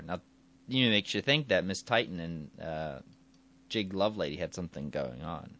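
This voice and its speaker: A man's voice: deep voice, lively intonation, normal speed, sharp tone. A man casually retelling a story, rambling and correcting himself as he goes. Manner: rambling, self-correcting, chuckling.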